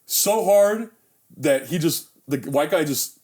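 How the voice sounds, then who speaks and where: Young male podcast host, lively storyteller who voices every character in the tale. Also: a little high, takes it slowly. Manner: animated storyteller, acts out quotes loudly, swears casually. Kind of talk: casual storytelling chat. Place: bedroom.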